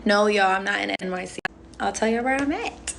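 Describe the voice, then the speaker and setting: A young woman talks casually on a phone livestream, answering viewer comments as they come. She is playful and rambling, leaning on "um" and "like," in a mid-range voice with a gravelly edge. A faint noise sits under the recording. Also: medium pitch, brisk, a bit bright. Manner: chatty and playful, heavy on fillers like "um" and "like". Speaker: reality show contestant on a livestream.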